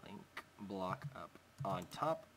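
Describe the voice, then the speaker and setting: A man's voice: low voice, lively intonation, slow, slight background noise. A young man hosting a Minecraft let's play, chatting casually as he builds and talking to his in-game pet. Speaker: gaming channel host.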